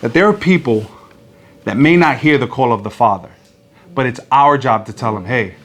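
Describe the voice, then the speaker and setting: A man's voice: medium pitch, animated, normal speed, fairly bright tone. A man preaching a sermon who tells a story with energy and acts out the people in it, in front of a congregation. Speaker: pastor.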